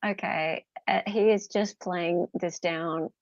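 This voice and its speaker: Aussie woman reacting to a trial livestream, slow, creaky, kinda dull dry audio. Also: fairly low pitch, steady tone, no room sound. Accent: Australian. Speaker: co-host. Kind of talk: casual commentary on a trial.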